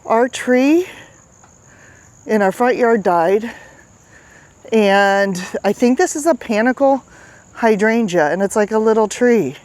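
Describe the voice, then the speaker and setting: A woman's voice: fairly high pitch, animated, takes it slowly, long pauses, a little mellow. A woman hosting a casual vlog outdoors on a riverside path. She talks to the camera while walking, a little out of breath, and often checks in with "right?". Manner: chatty, repeats itself, asks "right?". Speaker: fitness coach and vlog host. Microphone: handheld camera while walking.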